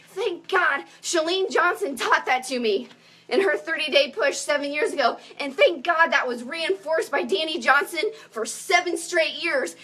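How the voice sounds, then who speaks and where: A woman in her thirties giving an energetic motivational pep talk as a coach on a call. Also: very high-pitched.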